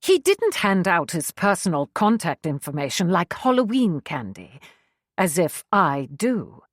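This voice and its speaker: A woman's voice: on the low side, big pitch swings, measured pace, no room sound, clean studio sound. A woman voicing an officious older secretary from London, prim and lecturing, with a London accent.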